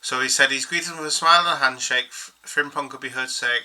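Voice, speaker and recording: A man's voice: mid-range voice, fairly quick, sharp tone, rough recording. A man hosting a football fan channel, chatting casually and reading bits of an article aloud in a rambling way. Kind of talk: casual solo commentary.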